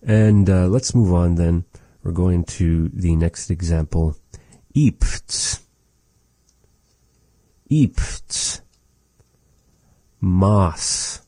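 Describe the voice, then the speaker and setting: Man, language teacher, deep low voice, slow delivery, casual joking asides, dry close sound. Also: mellow, no echo. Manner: repeats words slowly, chatty and joking asides. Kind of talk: casual vocabulary lesson.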